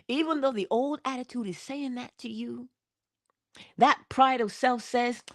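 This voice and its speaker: A woman's voice: high-pitched, moderate pace. A woman giving a morning inspirational talk, coaching her listener in a conversational, playful way. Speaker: motivational speaker.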